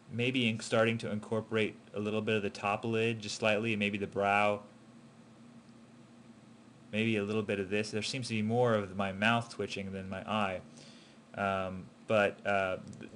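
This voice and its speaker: A man's voice: fairly low pitch, fairly bright tone, slight background noise. A man giving an animation student casual, encouraging feedback, hesitating with frequent ums and restarts. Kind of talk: casual spoken critique.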